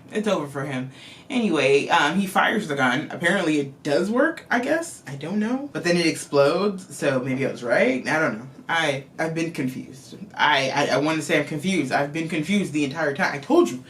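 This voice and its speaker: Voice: medium pitch, slight background noise. Rambling, foul-mouthed movie recap vlogger. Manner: rambling, swears freely, animated retellings.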